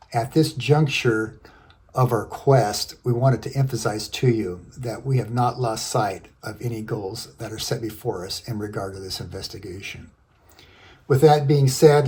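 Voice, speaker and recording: Male lesson host, husky and mellow, formal long-winded read. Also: medium pitch. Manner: formal, wordy detective-themed delivery. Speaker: language-learning channel host. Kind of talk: scripted voice-over lesson.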